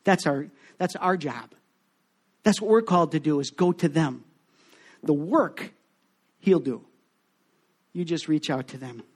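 A high-pitched man preaching a sermon to his church. His delivery swings between loud, rousing calls and hushed, tender stretches. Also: unhurried, long pauses, breathy edge. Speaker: pastor. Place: church sanctuary.

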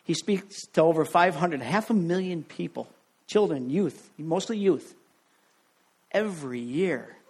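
A male pastor slowly introducing a guest speaker to his church. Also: a little high, slightly rough.

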